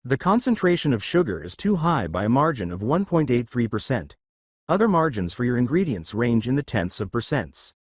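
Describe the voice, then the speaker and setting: A precise, emotionless young robot hero from a fan fiction story, speaking formally and clinically, voiced by a man. His delivery has lively pitch swings, and the recording is dry and close. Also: a little fast, breathy edge, no room sound.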